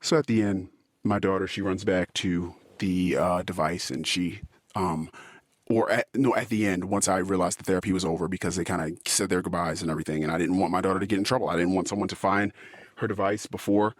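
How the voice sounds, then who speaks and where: A man hosting a podcast, telling a personal story in an earnest, aggrieved way, with frequent pauses and fillers. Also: deep voice, steady tone, no room sound, studio quality.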